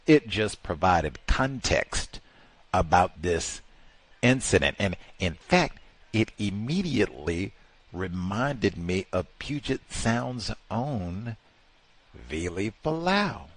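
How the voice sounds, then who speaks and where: A talk show host with a fairly low voice speaks slowly but very animatedly in casual chat. He tells a rambling, exasperated anecdote packed with "like" fillers.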